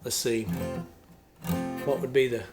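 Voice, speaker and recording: A man's voice: mid-range voice, normal speed, over loud music. A male musician and channel host talking casually about a song, thoughtful and explaining step by step with small restarts.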